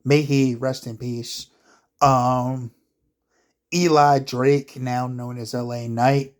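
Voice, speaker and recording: A man's voice: mid-range voice, little pitch movement, slow. A man talking to camera in a casual, profane rant, exasperated and rambling with lots of filler words. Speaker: wrestling commentary vlogger. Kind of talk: casual ranting commentary.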